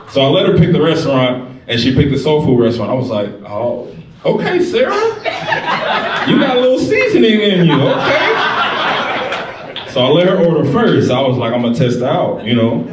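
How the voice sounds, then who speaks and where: A man doing a stand-up comedy set, telling stories in a profane, animated way. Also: mid-range voice, fast, very noisy. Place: comedy club stage. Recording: echoey club, distant mic, loud crowd. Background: crowd laughter.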